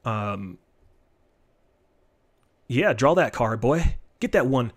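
A man casually commenting on his live-streamed card game, joking and teasing in an animated way. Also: mid-range voice, slow pace. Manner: animated, joking, trash-talking.

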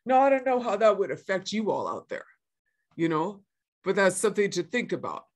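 A woman's voice: mid-range voice, big pitch swings, a little fast. A woman in her sixties from northern Minnesota gives an earnest, emphatic public talk, repeating her key points and often stopping to restart with fillers. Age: 60s. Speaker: guest speaker.

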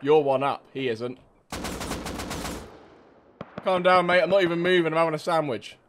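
A man's voice: on the high side, normal speed, a bit bright, a little hiss or hum. A young man taunting other players over game voice chat in a cheeky, mocking way, full of slang. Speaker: game streamer.

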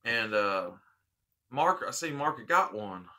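A man's voice: medium pitch, big pitch swings, slow pace, sharp tone. A man hosting a casual unboxing vlog, heartfelt and rambling, repeating his thanks. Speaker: vape channel host.

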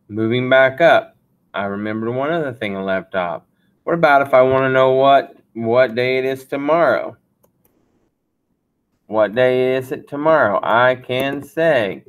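A man teaching a beginner Spanish lesson, counting slowly and repeating phrases as he explains. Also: medium pitch. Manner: slow, deliberate counting. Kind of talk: classroom lesson.

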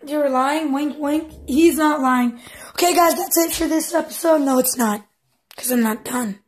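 A woman on a headset in online game chat, taunting and teasing other players in a loud, repetitive, excitable way. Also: sits high, moderate pace. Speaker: channel host trolling players in online chat.

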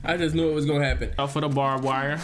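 A young man casually commenting on his own gameplay, chatting to his viewers and reacting out loud. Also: a little high, flat delivery, quick pace, very noisy. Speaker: gameplay streamer. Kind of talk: casual let's-play commentary.

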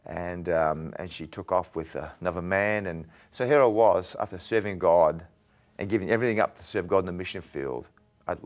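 Earnest man telling his story. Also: low voice. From Australia. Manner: earnest, halting storytelling, often repeating words. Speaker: evangelist guest. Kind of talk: interview testimony.

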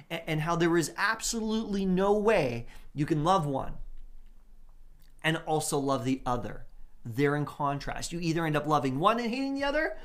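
Animated, fairly high-voiced male preacher. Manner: conversational, animated preaching with laughs and voiced quotes. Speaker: pastor. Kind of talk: sermon.

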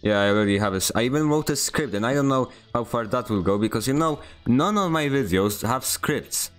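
With soft music playing behind him, a Polish-accented streamer from Poland offers casual gameplay commentary, rambling and self-deprecating as he chats with viewers. His mid-range voice is expressive and brisk.

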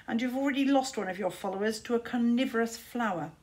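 A woman's voice: a little high, quick pace, darkish tone, lightly acted. A woman doing a weary fussy talking bird. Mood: exasperated. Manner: sighing, told-you-so.

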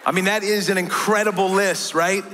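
A man's voice: high voice, steady tone, moderate pace, a bit bright, a faint crowd, a little hiss or hum. A middle-aged American man, a pastor, preaching a sermon in a church in a casual, joking way and often asking "right?".

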